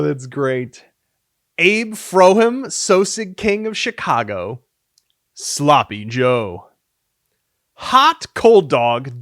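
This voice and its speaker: A man's voice: on the high side, a bit bright, no echo, clean studio sound. A man reading a long list of silly names for his game devlog, playfully and with theatrical flair. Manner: reads names with theatrical swings, sometimes mock-dramatic.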